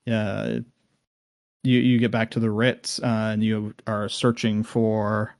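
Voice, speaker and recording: Man, low-ish voice, dry close mic, podcast host who rambles with lots of ums. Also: monotone, takes it slowly, vocal fry, darkish tone, no room sound. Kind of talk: casual podcast chat.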